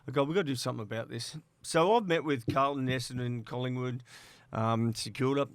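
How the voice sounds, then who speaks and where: A man's voice: mid-range voice, a little fast, no room sound. A middle-aged Australian man, a guest on an interview podcast, telling stories in a chatty way, acting out quoted dialogue and laughing between lines. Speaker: interview guest, former player agent.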